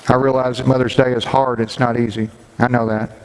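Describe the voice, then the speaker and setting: Middle-aged pastor preaching in a reverberant sanctuary. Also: male voice, medium pitch, flat delivery, brisk. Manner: personal storytelling with gentle humor. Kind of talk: Mother's Day sermon. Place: church sanctuary. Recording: long hall reverb, faint background noise.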